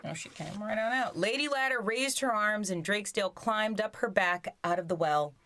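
A woman's voice: medium pitch, normal speed. A woman reading a children's story aloud, breaking off for playful, joking asides. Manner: animated, joking asides between lines.

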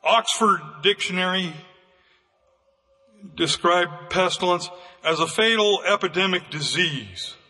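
Preacher guy, high bright voice, fired up, big echoey church hall. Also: slow pace, long pauses. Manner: fervent preaching, rising to shouts. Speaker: pastor. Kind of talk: sermon.

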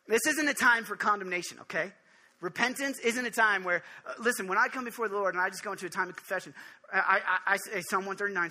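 Man, preacher, high voice, very bright tone, earnest, jokey, casual sermon. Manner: earnest and jokey, quick restarts, direct address to listeners. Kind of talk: informal sermon teaching on prayer.

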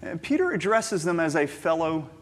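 A man's voice: on the high side, sing-song, normal speed, a little hiss or hum. A man, a pastor, preaching a sermon in an emphatic, conversational way, often repeating words and asking rhetorical questions. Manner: conversational storytelling asides.

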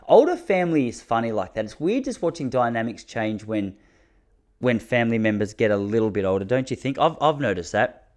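A man telling rambling stories to his audience from his backyard, often restarting his sentences. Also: fairly low pitch. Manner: rambling, self-interrupting, drops to a hushed mutter when the neighbour passes. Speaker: vlogger talking to his audience. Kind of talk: casual storytelling monologue.

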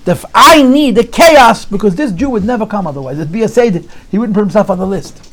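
A man telling a Chassidic story to an audience in an animated, repetitive storytelling manner. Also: high voice, fast. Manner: animated storyteller, repeats phrases, drops into Yiddish.

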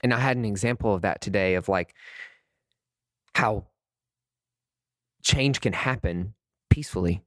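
A man's voice: fairly low pitch, a little slow, pauses often, a bit bright, no room sound, clean studio sound. A man hosting a podcast, talking in a heated, rambling way with many restarts. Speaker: podcast host. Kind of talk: casual podcast monologue.

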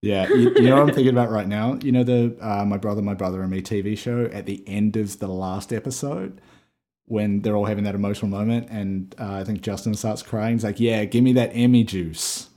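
A man's voice: on the low side, fairly even intonation, a little fast, mellow. A man co-hosting a podcast over a video call, chatting casually, swearing freely and laughing often. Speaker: podcast co-host.

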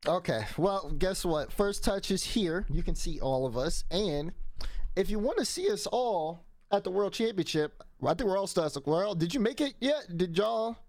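High upbeat show host, dry sound. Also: male voice, expressive, normal speed, darkish tone, no echo. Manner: upbeat promo delivery, joking. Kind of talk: casual esports show hosting.

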